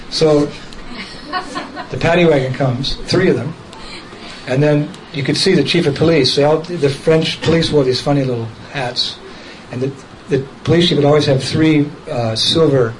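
A man telling a personal story in a casual, lively way, laughing as he goes and acting out other people's voices. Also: medium pitch, slight background noise, low-quality recording. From United States.

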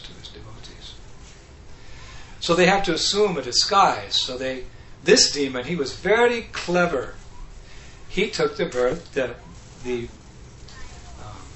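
A man giving a devotional talk, telling scripture stories in a lively way and acting out the characters. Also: mid-range voice, a little hiss or hum. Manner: animated, acts out characters, laughs often. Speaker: speaker. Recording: echoey room with faint ambience.

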